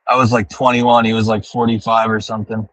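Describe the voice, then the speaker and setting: Low-voiced man ranting while driving. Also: flat delivery, brisk, fairly bright tone, slight background noise, rough recording. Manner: profane, ranting, thinking aloud. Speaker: livestreamer talking to chat. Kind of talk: casual rambling monologue. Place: in a car driving home.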